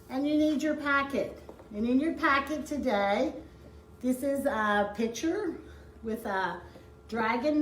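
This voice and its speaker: Woman librarian, high voice, slow gentle instructions for children, roomy echo. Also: slight background noise. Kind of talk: explaining a craft to children.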